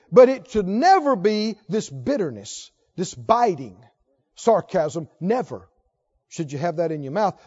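A man preaching a sermon emphatically, swinging between loud declarations and hushed lines. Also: high voice, slightly rough, muffled recording. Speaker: pastor.

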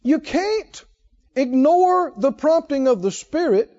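A man preaching a sermon, telling a personal story that swings between hushed asides and emphatic points. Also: very high-pitched, big pitch swings, slow. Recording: dull lo-fi sound.

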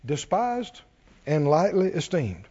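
A man preaching a sermon, animated and joking with the congregation. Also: on the high side, slow pace, slightly rough, lo-fi sound. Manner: animated preaching, jokes with congregation, does cartoon voices. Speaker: pastor.

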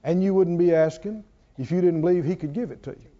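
A man whose voice sits high preaches fast, constantly asking his congregation questions in a call-and-response manner. The church recording is dull and lo-fi.

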